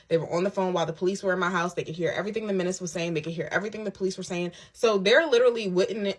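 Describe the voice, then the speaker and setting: A woman telling her own story in a casual storytime monologue, candid and emphatic, with quick asides. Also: lowish voice. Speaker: storyteller recounting a personal ordeal. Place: lives on a military base abroad.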